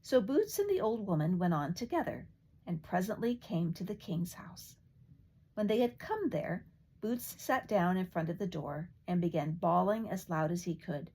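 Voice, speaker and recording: An older woman reading a fairy tale aloud in a lively, expressive way. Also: lowish voice, moderate pace, vocal fry, slightly rough. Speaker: storyteller.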